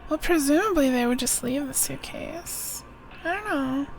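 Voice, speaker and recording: Young female streamer, high voice, chatty, reads and muses out loud. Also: animated, moderate pace, creaky, soft background music. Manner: giggly, reads text aloud, thinks out loud. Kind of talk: live game stream commentary.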